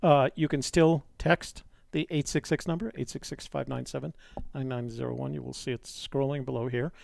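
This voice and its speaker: A man's voice: medium pitch, fairly even intonation, normal speed, vocal fry, a little mellow, a little hiss or hum. A man hosting a live-streamed call-in show, talking in a chatty, rambling way with many fillers. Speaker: host.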